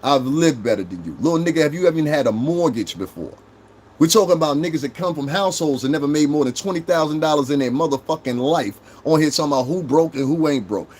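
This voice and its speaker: A man's voice: on the high side, animated, fast, a little mellow. A man with a New York accent in his thirties, hosting a casual livestream, brash and profane as he talks straight to his chat. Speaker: livestream host.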